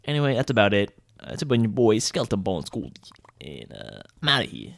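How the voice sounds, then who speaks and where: A man's voice: fairly low pitch, wildly swooping pitch, fairly quick, creaky, heavy background noise. A young man telling a casual gaming story in a rambling, joking way, full of filler words. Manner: laid-back and joking. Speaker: gaming vlogger.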